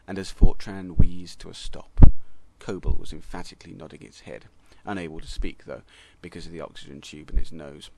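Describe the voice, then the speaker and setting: A man narrating a comic story with wry, deadpan asides. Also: low-pitched, a little fast, vocal fry, few pauses, a little hiss or hum, low-quality recording.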